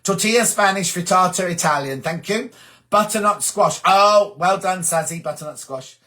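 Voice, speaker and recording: A man's voice: high voice, moderate pace, bright, forceful tone. A middle-aged man from England chatting casually on a live stream, reading viewers' comments aloud and answering them. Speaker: host of a sewing live stream.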